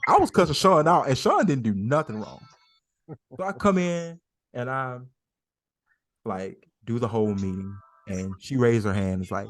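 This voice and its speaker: A man co-hosting a podcast tells a story during casual chat, swearing freely and acting out the quotes. He speaks at normal speed in an animated, medium-pitched voice.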